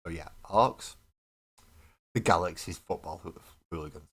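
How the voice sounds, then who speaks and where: A man's voice: low voice, a little slow, a bit bright. A British man streaming while he paints miniatures, reading lore aloud and adding dry, joking asides. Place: home hobby desk.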